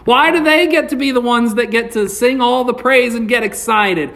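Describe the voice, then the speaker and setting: A man's voice: very high voice, normal speed, fairly bright tone. A man preaching a sermon with passion, his voice rising and dropping, reading scripture aloud along the way. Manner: impassioned preaching, rising and falling. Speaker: pastor.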